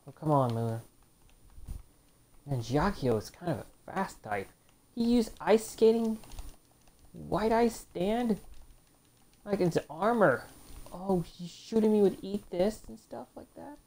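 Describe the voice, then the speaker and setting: A woman's voice: medium pitch, lively intonation, takes it slowly, long pauses, mellow. A woman casually commenting on a fighting game as she plays, reading move descriptions aloud and groaning when she loses. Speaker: gameplay commentator. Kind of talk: casual let's-play commentary.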